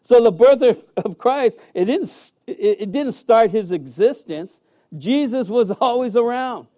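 A male pastor preaching in a church sanctuary, his voice pitched high yet dark and mellow in tone. He talks emphatically and with animation, stumbling through fillers and restarts as he goes. The delivery is plain sermon speech. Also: lively intonation, unhurried.

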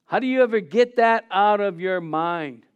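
A man with a high, smooth and resonant voice preaching in church. He delivers the sermon with animation, drawing his congregation into call-and-response. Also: moderate pace, phone-quality sound. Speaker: pastor.

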